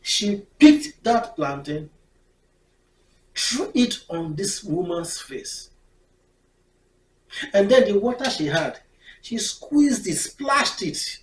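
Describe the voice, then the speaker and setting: A woman recounts a story, acting out each scene. Her pitch swings widely while she keeps an unhurried pace. She sounds distant from the mic in a roomy, echoing space. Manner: expressive, laughs often, acts out scenes. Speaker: storyteller vlogger. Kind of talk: animated personal storytelling. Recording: echoey room, mic far off.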